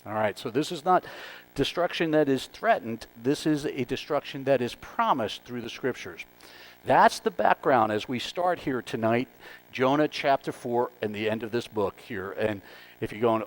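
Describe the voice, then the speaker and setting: A man's voice: medium pitch, normal speed, rough recording. A male pastor giving a conversational, emphatic sermon and working through numbered points.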